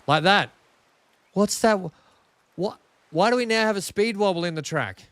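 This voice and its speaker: A man's voice: high voice, expressive, normal speed, a bit bright, dry recording. Chatty Australian man live-streaming a game. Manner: chatty, talks to chat, self-mocking frustration. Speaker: gaming streamer. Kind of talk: casual live-stream commentary. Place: home room.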